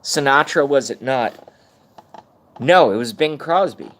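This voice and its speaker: A man's voice: medium pitch, expressive, a little slow, a bit bright. Thirties male streamer, loose self-mocking rant, lots of swearing. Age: 30s. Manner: profane, rambling, self-mocking. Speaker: live streamer. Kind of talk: casual rant on a live stream.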